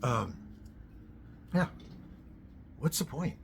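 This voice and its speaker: A man delivering a blunt, profane ranting monologue that keeps flaring into loud outbursts. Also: medium pitch, very animated, very slow, creaky, slight background noise. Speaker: host.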